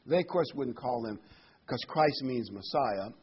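A man's voice: mid-range voice, animated, measured pace, husky, lo-fi sound. A man preaching a Bible sermon in a conversational, emphatic way, his voice rising sharply on key words.

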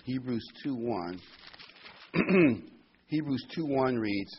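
A man's voice: mid-range voice, expressive, measured pace, husky. A man preaching a sermon to a small congregation in a conversational way, asking rhetorical questions and reading scripture aloud. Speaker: pastor. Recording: dull lo-fi recording.

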